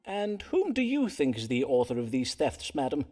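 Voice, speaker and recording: An actor playing a learned, courteous Elizabethan astrologer and doctor who speaks in florid, archaic phrases. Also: male voice, mid-range voice, wildly swooping pitch, normal speed, dark tone, faint music behind. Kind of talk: period game voice acting.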